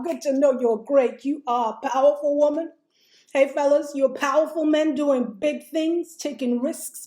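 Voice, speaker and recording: Streaming live from home, a woman life coach delivers a fiery, preachy motivational talk in a fairly high, warm, slightly strained voice. She addresses her audience as "my loves" and "honey," chants and sings short refrains, and the sound carries a roomy echo.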